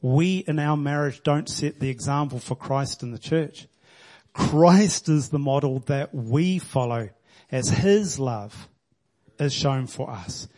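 A man's voice: mid-range voice, takes it slowly, a little mellow. A man preaching a sermon in an earnest, conversational way, reading scripture and explaining it.

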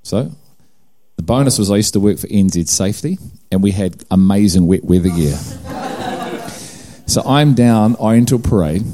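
A middle-aged man with a New Zealand accent and a low, mellow voice preaches a personal testimony sermon. He tells a story with acted-out dialogue and pokes fun at himself along the way.

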